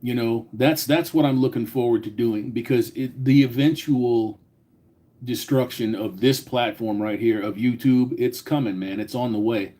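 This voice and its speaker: A man's voice: medium pitch, steady tone, moderate pace, dark tone. Profane, rambling man on a live stream. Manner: profane, rambling, reads chat names aloud. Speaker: livestream host. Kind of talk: casual live-stream chat.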